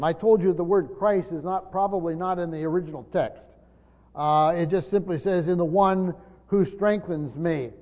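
Older guy pastor giving a sermon, lots of uh's, teacher vibe, reverb-y dull recording. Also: high voice. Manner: teacherly, repeats points, many "uh" pauses. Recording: dull lo-fi sound with long hall reverb.

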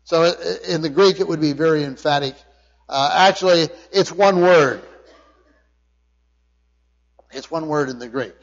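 Emphatic preacher in a reverberant hall. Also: male voice, on the high side, normal speed. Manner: emphatic preaching with frequent restarts and word study. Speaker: pastor. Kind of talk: sermon. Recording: dull sound with long hall reverb.

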